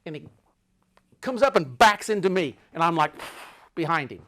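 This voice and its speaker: Dramatic male storyteller, slightly high voice. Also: expressive, moderate pace. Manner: dramatic, swings between loud urgency and hushed low tones; repeats phrases for effect. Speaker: podcast host telling a travel story. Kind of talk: personal storytelling.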